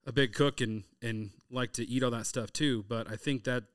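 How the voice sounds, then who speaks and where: A man's voice: mid-range voice, normal speed, no echo, clean studio sound. A man in his thirties, hosting a casual chat and telling hunting stories full of quoted dialogue. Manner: storytelling, animated retelling of hunting anecdotes with quoted dialogue. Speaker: podcast host.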